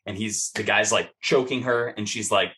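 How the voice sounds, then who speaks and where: A man's voice: on the low side, steady tone, moderate pace, pushed and bright. A man running a tabletop game as game master, narrating a scene in vivid, profane, rambling fashion with many fillers.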